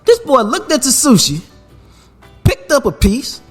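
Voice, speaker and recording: A man, hosting a podcast and telling a family story in a relaxed, casual way, laughing as he goes. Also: very high-pitched, unhurried, husky, faint music behind. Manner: laid-back, laughs while telling stories. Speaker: podcast host.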